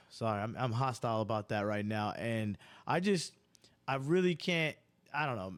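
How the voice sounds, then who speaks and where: A man's voice: mid-range voice, moderate pace. A man hosting a sports podcast, freestyling casual banter that rambles, interrupts itself and breaks into angry, profane rants. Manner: profane, ranting, worked up. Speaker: podcast host.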